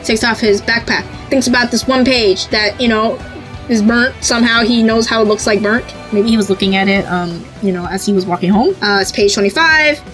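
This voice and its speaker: A woman hosts a casual fan podcast, gushing over comic panels with eager asides and plenty of fillers. Her voice sits a little high, and now and then she reads a short line in Japanese. Faint music plays quietly behind her. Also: low-quality recording. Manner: gushing, animated, quick asides with many fillers. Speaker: podcast host. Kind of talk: excited casual commentary on a comic.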